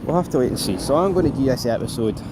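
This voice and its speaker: A man's voice: medium pitch, expressive, quick pace, very noisy. A man giving a rambling, offhand recap of a TV episode. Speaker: TV show reviewer.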